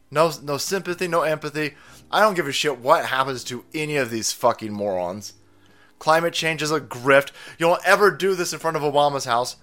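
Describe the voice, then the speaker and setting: A man's voice: a little high, a bit bright. A man hosting a commentary show, ranting in a foul-mouthed, mocking way. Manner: foul-mouthed, mocking, laughs at own jokes.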